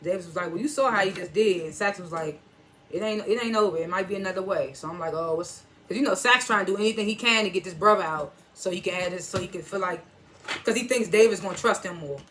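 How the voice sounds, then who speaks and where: There's a little hiss or hum on this recording of a fast, slightly bright mid-range voice. A TV reviewer speaking AAVE gives a casual episode recap, retelling scenes line by line, using "he was like" to quote characters, and chuckling in reaction to the twists.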